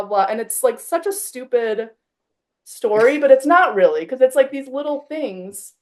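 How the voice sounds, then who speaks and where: Animated woman host telling a story. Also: a little high. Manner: animated storyteller, acts out quoted exchanges, frequent "like". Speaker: podcast host. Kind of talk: casual conversation.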